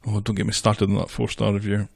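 A man's voice: on the low side, completely flat delivery, fast, creaky, breathy edge. A man co-hosting a casual podcast from a small office, making dry remarks while recapping an episode. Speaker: podcast co-host.

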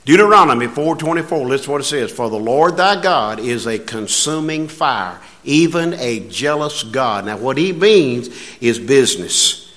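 A man's voice: medium pitch, expressive, normal speed, fairly bright tone. A man preaching a sermon in a folksy way, building to emphatic passages.

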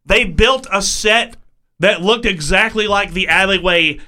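Guy on a podcast laughing a lot, high bright voice, casual chat. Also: unhurried. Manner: amused, laughs often. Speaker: podcast co-host.

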